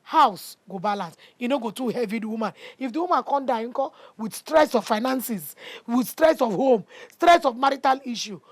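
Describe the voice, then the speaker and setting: A woman's voice: fairly high pitch, lively intonation, moderate pace, hardly any pauses, no room sound. A woman with a Nigerian accent giving her opinion in a debate, earnest and persuasive.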